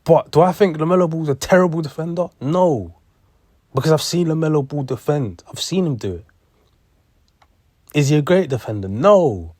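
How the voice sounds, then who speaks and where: A man's voice: on the high side, lively intonation, moderate pace, a little mellow, dry recording, clean studio sound. A young man, ranting in heated sports commentary, repeating himself and swearing. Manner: heated, repetitive, profane.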